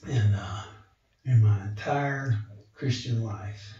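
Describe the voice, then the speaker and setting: This man's voice is lowish and he takes his time, yet his testimony to the church gathering is an animated retelling in which he acts out the voices he quotes. The recording sounds distant, roomy and dull.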